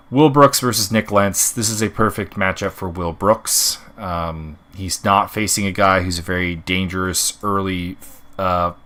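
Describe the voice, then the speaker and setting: A man's voice: low voice, pushed and bright. A man hosting an MMA predictions show, giving casual unscripted commentary with many fillers and restarts. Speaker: MMA fight predictions host.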